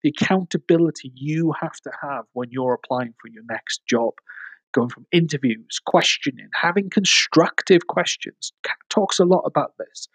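A man's voice: medium pitch, breathy edge, rough recording. A Welsh man hosting a casual podcast, rambling and enthusiastic, often restarting his sentences. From Wales. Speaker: podcast host, recruiter.

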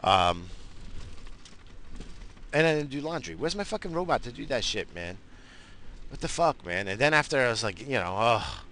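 Profane rambling male podcaster, bright voice. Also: medium pitch, big pitch swings, moderate pace, long pauses, slight background noise. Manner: rambling, profane, self-mocking. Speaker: podcast host. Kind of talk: casual solo podcast rant.

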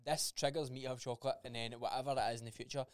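Fast-talking blunt man. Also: mid-range voice, fairly even intonation, clean tone, dry recording, studio quality. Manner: blunt, swears freely, acts out quoted dialogue. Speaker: podcast co-host. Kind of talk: casual chat.

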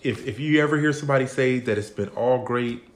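A man's voice: medium pitch, fairly quick, roomy sound. A man co-hosting a casual podcast with his wife, easygoing and talking in fits and starts. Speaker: podcast co-host. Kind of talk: casual chat.

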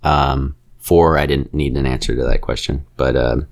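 A man with a very low, deep voice talks through a film in loose, casual podcast chat. He rambles from point to point, sharing blunt opinions and now and then dropping into quick impressions of characters. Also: fairly even intonation, gravelly. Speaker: podcast co-host reviewing a film.

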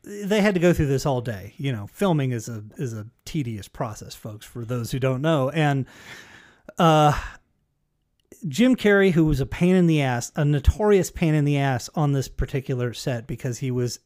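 A man's voice: medium pitch, lively intonation, normal speed, darkish tone. A man telling a story in casual chat, swearing freely and acting out the quotes. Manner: profane storyteller, acts out quotes.

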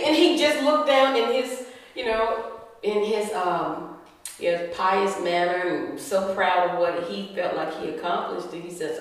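A woman, a podcast guest telling her story with animated quotes and frequent laughter. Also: mid-range voice, slow, long pauses, distant mic. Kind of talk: storytelling interview chat. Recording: echoey room, voice from the mic.

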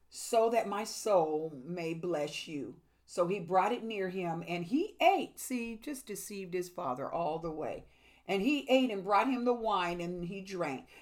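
A middle-aged woman preaching a sermon in an animated, exclamatory way, with sudden loud rises. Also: mid-range voice.

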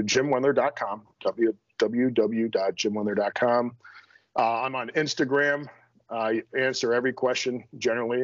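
A middle-aged strength coach appears as a podcast guest in a casual interview chat, talking in a blunt, direct, self-deprecating way. His voice is medium-pitched, and the audio is dull with no echo.

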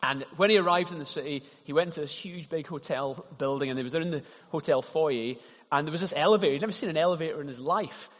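A man's voice: a little high, quick pace, a bit bright. A man preaching a sermon as pastor, telling stories in a conversational way and often repeating words as he starts a thought. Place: church hall. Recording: long reverb of a church hall.

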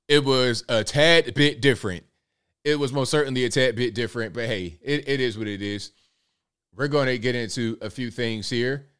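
A man with a smooth, mid-range, slightly bright voice hosts a live political commentary show. He speaks to his audience in a casual, folksy, direct style, repeating points to drive them home.

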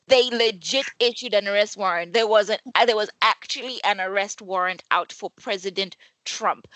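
A woman co-hosting a casual podcast chat, animated and emphatic, swearing freely. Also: medium pitch, normal speed, hardly any pauses, no room sound. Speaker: podcast co-host.

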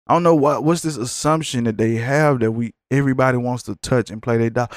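A man's voice: medium pitch, a little fast, few pauses, no room sound, studio quality. Profane ranting man hosting a podcast. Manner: profane, blunt, ranting, animated. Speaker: podcast host. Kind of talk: casual podcast rant.

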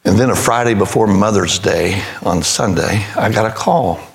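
A man's voice: lowish voice, normal speed, gravelly. An older man preaching a sermon as pastor, telling a story in a folksy way and acting out both sides of the conversation, then rising to emphatic preaching.

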